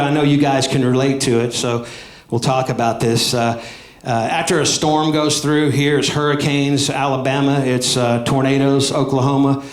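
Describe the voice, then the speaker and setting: A man with a Southern US accent doing animated, high-energy stand-up comedy on a club stage. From American South. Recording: echoey club with crowd and noise. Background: laughing audience.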